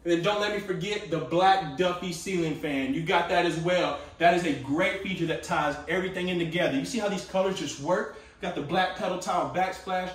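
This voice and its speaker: A man's voice: high voice, a little fast, hardly any pauses, roomy sound, distant mic. A man hosting a casual sales walkthrough of a tiny home, with upbeat salesy patter, talking to viewers as guys. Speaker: tiny home company host. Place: inside a small furnished tiny home.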